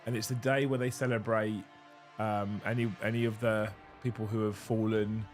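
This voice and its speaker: A middle-aged man hosts a relaxed livestream with a hoarse, worn voice. He chats loosely, swears casually and pokes fun at himself, over faint background music. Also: fairly low pitch, moderate pace. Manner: chatty, swears casually, self-mocking. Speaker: streamer host.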